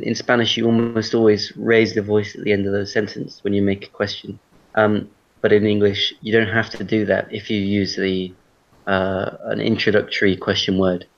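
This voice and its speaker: Low gravelly male tutor on a call. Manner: relaxed, explains with spoken examples. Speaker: English tutor. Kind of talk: online class explanation. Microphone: video call. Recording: dull lo-fi video call audio.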